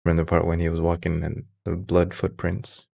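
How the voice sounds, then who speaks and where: A man's voice: deep voice, completely flat delivery, brisk, gravelly, warm tone. A man co-hosting a podcast in casual, laid-back chat. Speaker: podcast co-host.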